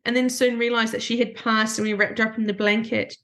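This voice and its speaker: Halting, emotional woman counselor. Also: on the high side, little pitch movement, a bit bright. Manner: halting, with frequent self-interruptions and restarts. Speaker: grief counselor guest. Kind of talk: emotional personal storytelling in a podcast interview.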